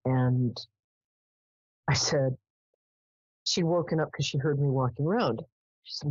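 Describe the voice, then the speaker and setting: A woman's voice: very deep voice, measured pace, long pauses, darkish tone, slightly rough, no echo, highs cut off. A woman hosting a live call-in psychic show, chatty as she tells stories and affectionate with callers. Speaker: psychic radio host.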